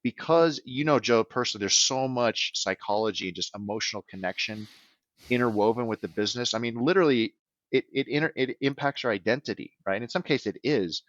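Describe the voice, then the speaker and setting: A man's voice: mid-range voice, fairly quick, a bit bright, no room sound, muffled recording. A man who works as a business transition advisor, answering podcast interview questions in an earnest way and often checking in with "right?".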